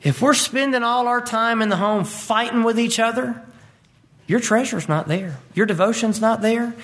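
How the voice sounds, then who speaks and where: A man's voice: extremely high pitch, normal speed, fairly bright tone. A man preaching a sermon, emphatic and repeating his key lines as he quotes scripture.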